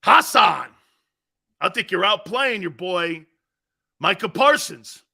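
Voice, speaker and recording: A man hosting a live sports talk show, telling stories in an animated, rambling way with many asides. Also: high-pitched, takes it slowly, vocal fry, slightly rough. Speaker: sports talk radio host.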